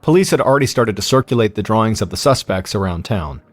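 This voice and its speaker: An American man in his thirties calmly narrating a true-crime story as podcast host, in a measured way. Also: lowish voice, no echo.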